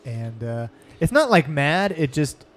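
A man's voice: fairly high pitch, sing-song, a little slow. A man running a tabletop game as game master, narrating loosely with lots of fillers. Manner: loose and rambling, with many fillers.

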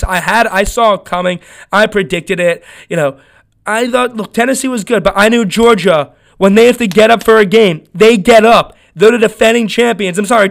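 A man's voice: high-pitched, gravelly, fairly bright tone. A young man hosting a casual sports podcast, ranting in an opinionated, rambling way with lots of fillers and restarts. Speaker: podcast host.

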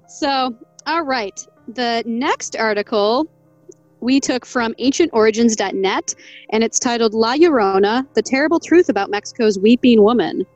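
A woman's voice: on the high side, a little mellow, no echo, highs cut off. A woman co-hosting a podcast, chatting casually and laughing often. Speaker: podcast co-host. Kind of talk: casual chat.

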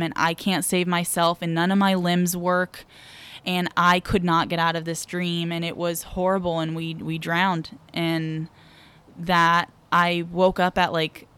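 Slow, smooth-voiced woman telling a story. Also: on the low side, a bit bright. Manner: frank, vivid, holds nothing back. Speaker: podcast guest. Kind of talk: candid personal storytelling.

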